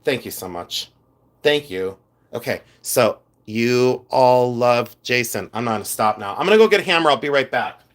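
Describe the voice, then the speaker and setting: A man's voice: mid-range voice, animated, normal speed. Chatty scattered man on a home livestream. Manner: chatty, scattered, talks to chat while rummaging around. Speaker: livestream host, silversmith. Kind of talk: casual live-stream chat. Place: home studio.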